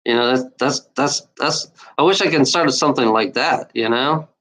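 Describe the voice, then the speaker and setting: Man, blunt profane rant, lots of fillers and restarts, middling pitch, casual vlog. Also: normal speed, a bit bright, low-quality recording. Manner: blunt, profane, repeats himself with many fillers. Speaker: video maker.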